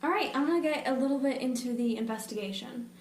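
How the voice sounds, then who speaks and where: A woman's voice: sits high, fast, darkish tone, slight background noise. Wry young woman in an echoey room. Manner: wry, skeptical asides. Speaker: podcast co-host. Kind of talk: casual true-crime chat.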